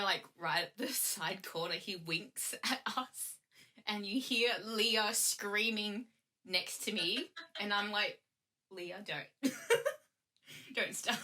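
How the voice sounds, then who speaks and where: Bright-voiced young woman. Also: medium pitch, measured pace. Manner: chatty, laughs often, acts out quoted lines. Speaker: guest. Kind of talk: casual storytelling chat.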